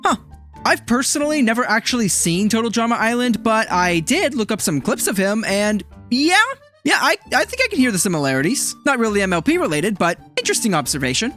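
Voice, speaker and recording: A man's voice: high-pitched, very animated, a bit bright, faint music behind. A male YouTube host reading out viewer comments in a chatty, playful way on a studio microphone. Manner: chatty, playful, quick reactions.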